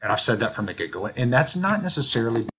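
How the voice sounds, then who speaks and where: A man co-hosting a sports podcast, telling stories in an animated, ranting way. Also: mid-range voice, fast, a little hiss or hum. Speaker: podcast co-host. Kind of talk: casual sports chat.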